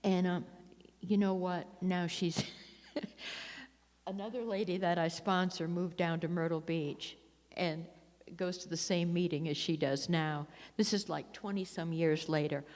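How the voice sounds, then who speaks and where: A woman's voice: fairly low pitch, steady tone, unhurried, darkish tone. A woman giving a personal talk at a recovery meeting, telling rambling stories with frequent laughs and restarts. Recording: long hall reverb.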